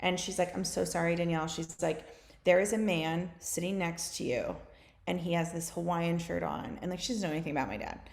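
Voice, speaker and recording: Woman, thirties, lower voice, rambling storyteller, echoey room. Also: creaky, darkish tone. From United States. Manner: fast, filler-heavy storytelling with many "like"s. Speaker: guest. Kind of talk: casual podcast conversation. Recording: roomy echo.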